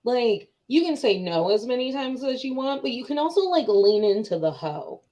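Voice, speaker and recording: A woman's voice: fairly high pitch, lively intonation, normal speed, mellow, rough recording. Chatty woman podcast co-host. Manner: chatty, storytelling, reflective. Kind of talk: casual chat.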